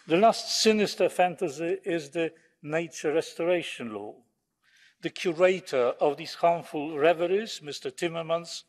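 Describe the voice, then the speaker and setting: A man from Poland, giving a formal, combative and sarcastic speech as a member of parliament in a large chamber. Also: a little high. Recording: long reverb of a large hall.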